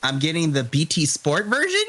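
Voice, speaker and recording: A man co-hosting a podcast, animated and sassy, laughing often in casual chat. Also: a little high, moderate pace. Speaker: podcast co-host. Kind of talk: casual chat, live reaction.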